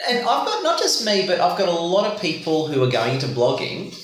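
A man hosts a casual interview, jokey and rambling, his pitch swinging a lot. The room around him echoes heavily. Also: a little fast. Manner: jokey, animated, rambling questions. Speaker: interviewer, host.

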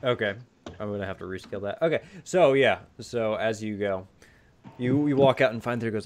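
A man with a fairly low voice running a tabletop game. He talks in a loose, rambling way, laughing easily and swearing as he goes. He narrates the scene for his players. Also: brisk, slight background noise. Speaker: game master.

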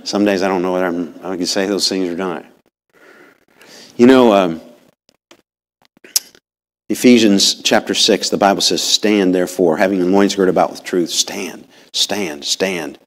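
A man preaching a sermon in church in a folksy, animated way, often asking the congregation questions. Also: low voice, moderate pace, pauses often. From rural upbringing. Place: church sanctuary.

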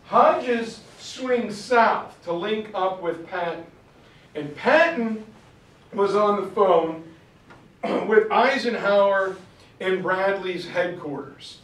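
High-voiced man lecturing on history. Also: slow, a bit bright, far from the mic. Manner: conversational storytelling, acts out quotes, clears throat. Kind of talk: informal history lecture with map. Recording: roomy sound from off-mic.

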